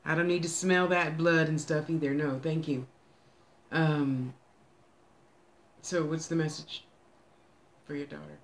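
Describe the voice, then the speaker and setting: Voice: mid-range voice, steady tone, a little hiss or hum. Chatty folksy medium bossing spirits around. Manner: chatty, folksy, bossy with spirits, drawn-out words. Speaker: psychic medium giving readings. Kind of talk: casual live spirit reading, talking to spirits aloud.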